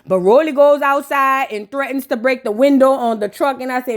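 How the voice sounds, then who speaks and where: A woman hosting a reaction show, recapping in a casual, animated, profane way and talking straight to her viewers. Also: high voice, moderate pace.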